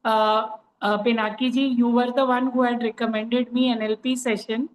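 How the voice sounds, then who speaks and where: A woman chats through her experiences with plenty of "you know" fillers. Her voice sits high, and the room rings with echo. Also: level tone, normal speed. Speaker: coaching participant sharing experience. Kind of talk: casual online group call.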